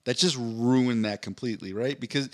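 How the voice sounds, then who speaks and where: A man, co-hosting a podcast in casual chat, telling stories with a dry delivery and lively quoted voices. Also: medium pitch, moderate pace. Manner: storytelling, animated quoted voices. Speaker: podcast co-host.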